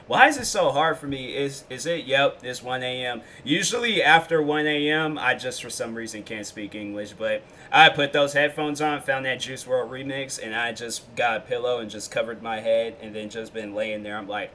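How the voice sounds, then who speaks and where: A man with a bright, forceful voice hosts a reaction video in loose casual chat. He rambles and restarts, piling up fillers as he goes, over a faint hiss. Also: mid-range voice, moderate pace, few pauses.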